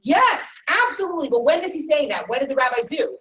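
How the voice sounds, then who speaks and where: A woman teaching a Talmud class, questioning her students in an animated way and correcting herself quickly. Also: high voice. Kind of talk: interactive class discussion. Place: classroom with a live audience. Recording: distant mic in a room, faint noise.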